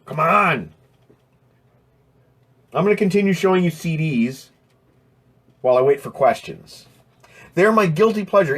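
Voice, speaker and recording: A man's voice: a little high, slightly rough. A man hosting a live stream from indoors, chatting casually and joking while he answers viewer questions. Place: indoors next to a window.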